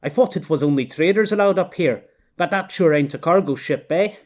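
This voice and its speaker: A man's voice: a little high, a little fast, a little mellow, voice pushed up, lightly acted. A male audiobook narrator voicing a complacent, nosy Canadian man with a folksy, drawling way of talking. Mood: puzzled. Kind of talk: audiobook character voice.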